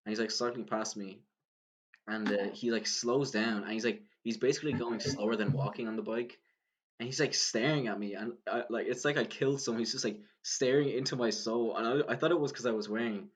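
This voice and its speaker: Rambling young Irish man telling a story. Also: lowish voice. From Ireland. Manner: rambling storyteller, many "like"s, laughs while talking. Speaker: podcast co-host. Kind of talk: casual chat.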